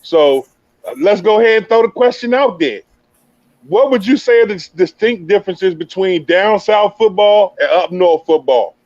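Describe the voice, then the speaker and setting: A man's voice: sits high, animated, normal speed, a little mellow, dry recording, dull audio. A man hosting a casual sports talk show, hyped and slangy, laughing easily. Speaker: host.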